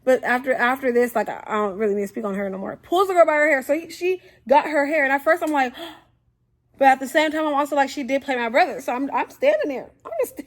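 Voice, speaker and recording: A young woman tells a story to camera in a casual, animated way. Her voice sits high, and she keeps slipping into the voices of the people in her story. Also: a little fast. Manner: animated, acts out quotes, frequent fillers.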